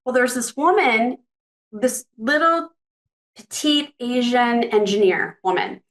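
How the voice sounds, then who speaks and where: Speaking slowly in a fairly high, slightly bright voice, a woman in her fifties shares reflective stories from her career as a career coach. She's a podcast guest on a video call, casual and chatty, often restarting her sentences.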